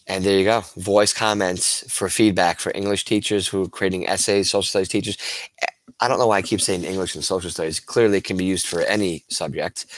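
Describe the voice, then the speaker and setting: In a low-pitched voice, a male teacher gives a webinar to other educators, showing tools on screen as he talks. He sounds relaxed and excited, often restarting words and using fillers. There's no echo on the recording.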